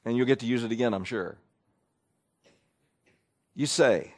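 A pastor preaching in a folksy, conversational way, wry and quick to act out people's voices. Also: male voice, mid-range voice, darkish tone. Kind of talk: conversational sermon.

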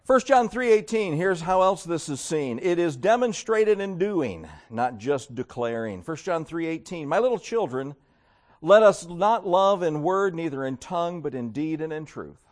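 A man preaching a sermon to his congregation. His voice sits high and leaps up and down across a wide range. He keeps slipping into exaggerated, mocking voices to act out his points. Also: expressive, a little slow, a little mellow. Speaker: pastor.

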